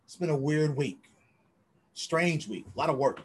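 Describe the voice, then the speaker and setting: Brash man with a higher, animated voice. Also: moderate pace, husky. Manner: brash, profane, laughs often. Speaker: podcast co-host. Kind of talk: casual chat.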